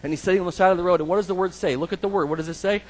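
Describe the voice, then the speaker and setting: A man's voice: high-pitched, racing, poor audio. Dramatic man preaching a sermon. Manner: dramatic, acts out scripture voices, shifts from hush to shouts.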